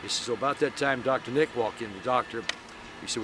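A man being interviewed, who recounts a memory haltingly with many restarts. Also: medium pitch. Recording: loud background noise.

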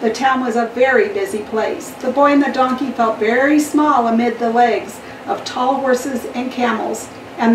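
A woman's voice: fairly high pitch, reverberant, recorded from a distance, noisy background. Woman reading a children's story in a church. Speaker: storytime reader.

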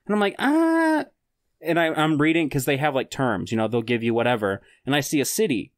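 A man's voice: fairly high pitch, sing-song, a little fast, dry recording. A man, telling a game story in casual podcast chat and acting out other players' lines. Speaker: podcast host.

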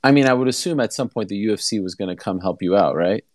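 A man's voice: lowish voice, fast, no room sound. Male host, brief questioning style, dry close sound. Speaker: interviewer. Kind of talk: casual interview.

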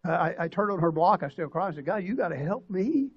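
An older man, preaching a sermon as pastor and telling a personal story in an emotional, halting way with many restarts. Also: high voice, expressive, slightly rough, highs cut off. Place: church sanctuary.

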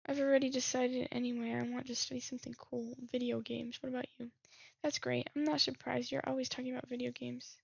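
High gravelly woman reading game texts. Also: level tone, fairly quick, no room sound, dull audio. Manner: reads messages aloud, muses and laughs at herself. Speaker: gaming streamer. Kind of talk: reading game text aloud with commentary.

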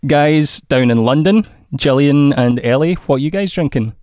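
A man co-hosting a podcast, relaxed and asking short, easy questions. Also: fairly high pitch, normal speed, clear, resonant tone, no room sound, studio quality. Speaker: podcast co-host. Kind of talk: casual podcast chat.

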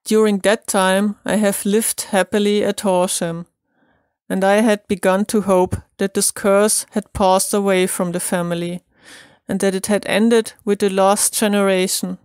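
Non-native woman reader with a German accent; smooth, unhurried narration, dry close sound. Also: mid-range voice, flat delivery, a little mellow, no echo. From Bavaria, Germany. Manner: slow, careful reading. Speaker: audiobook reader. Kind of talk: audiobook narration.

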